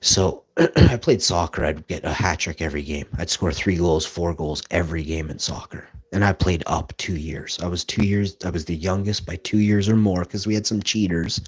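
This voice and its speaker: A man telling rambling, boastful stories as a live streamer, with bursts of loud laughter. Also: low-pitched, moderate pace, husky. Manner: boastful, rambling, laughs loudly mid-story. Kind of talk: rambling storytelling.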